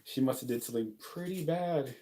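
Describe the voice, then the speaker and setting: A young man from the United States rambles through a casual vlog chat, laughing and joking as he goes. His voice is mellow and dark, sitting at an ordinary middle pitch. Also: fairly quick. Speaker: vlogger living abroad. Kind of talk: casual talking-head vlog.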